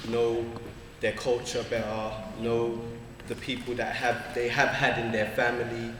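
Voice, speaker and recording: A man at a community forum calmly summing up a point about culture and education. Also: mid-range voice, a little slow, a little hiss or hum. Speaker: forum participant. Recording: echoey hall, distant mic.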